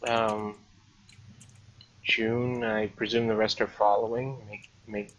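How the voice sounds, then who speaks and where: A man from Texas playing a tabletop game, speaking hesitantly with hums and pauses. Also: fairly low pitch, completely flat delivery, muffled recording. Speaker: player.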